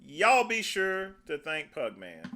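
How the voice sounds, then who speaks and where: A man's voice: fairly high pitch, wildly swooping pitch, slow pace, bright, forceful tone. A middle-aged man hosting a casual livestream, rambling in a folksy way and calling his viewers "folks.". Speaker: livestream host.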